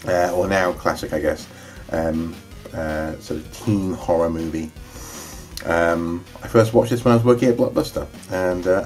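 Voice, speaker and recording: A young man with a low voice talks casually and enthusiastically. He rambles, filling the gaps with ums and restarts. Faint background music plays under his voice. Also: darkish tone, slightly rough. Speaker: vlogger reviewing his DVD collection. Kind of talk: casual chat.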